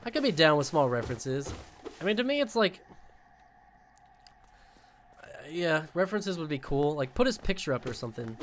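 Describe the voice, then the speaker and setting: Young man, streamer, rambling gaming chat, profane, lightly raised pitch. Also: moderate pace, long pauses. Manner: excitable, swears freely, rambling asides. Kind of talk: casual gaming commentary.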